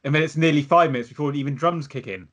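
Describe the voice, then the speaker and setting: A man's voice: on the high side, quick pace, fairly bright tone, dull audio. A man co-hosting a podcast, chatting casually about an album with wry humour. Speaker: podcast co-host. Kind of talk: casual chat about music.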